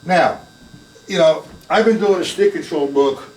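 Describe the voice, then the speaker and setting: Slightly high and a little slow, with a darkish tone, an older man teaches drums live from a room with a kit. He chats casually, addresses viewers by name, and counts the beats out loud, captured from a distance in an echoey room with music playing.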